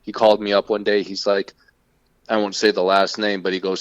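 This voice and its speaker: A man with a low voice tells a story in an animated, casual way and swears freely. The recording is dry, with no room sound, and its sound is dull and lo-fi. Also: fairly quick, dry recording. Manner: profane, animated retelling. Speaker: podcast co-host.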